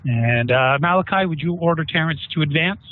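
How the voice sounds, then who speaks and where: A man running a tabletop game, narrating scenes and asking players what they do, in a relaxed, chatty way. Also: on the high side, brisk. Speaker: game master. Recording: tinny phone-like online call.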